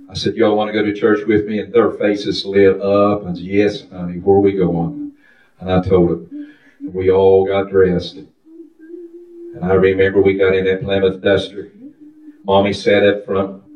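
A man's voice: low-pitched, reverberant, muffled recording. A man preaching a testimony sermon in a fervent, sing-song style, calling out hallelujahs, recorded from a distance in a church. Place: church sanctuary.

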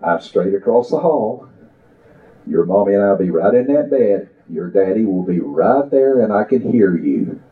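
Guy doing a soft comforting daddy voice, slow and mellow, echoey lo-fi room. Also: lowish voice, expressive. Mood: reassuring. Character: gentle father comforting his little daughter.

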